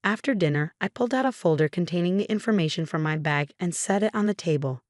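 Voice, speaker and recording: Low-voiced woman narrating a story. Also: lively intonation, fast talker, a little mellow, no echo, studio quality. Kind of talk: scripted first-person story narration.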